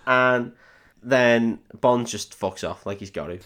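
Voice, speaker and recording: A man's voice: medium pitch, slow pace, a bit bright. A man hosting a podcast, casually recapping a film with swearing, jokes and mocking voices for the characters. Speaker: podcast host.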